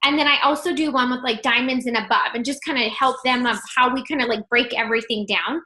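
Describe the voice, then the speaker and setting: A woman's voice: on the high side, steady tone, fast, sharp tone. A woman in her thirties coaching her team on a video call, chatty and upbeat, saying "like" and "you guys" a lot. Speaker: team leader.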